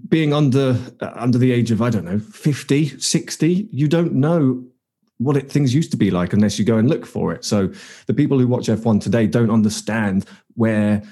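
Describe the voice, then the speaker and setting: A man's voice: mid-range voice, normal speed, warm tone, husky. A man leading a podcast panel, thinking aloud and passing questions to the other guests. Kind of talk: casual discussion.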